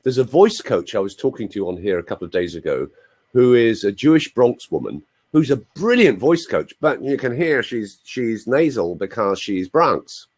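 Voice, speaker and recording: A middle-aged man coaching voice in an animated, demonstrative way during an online interview. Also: mid-range voice, moderate pace, slightly rough. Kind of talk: live video interview.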